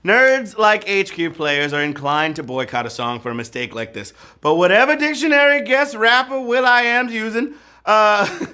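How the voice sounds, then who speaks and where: A man's voice: high voice, very animated, normal speed, pushed and bright, clear, resonant tone. A man hosting a live trivia game show, joking playfully and breaking into whoops and sung bits.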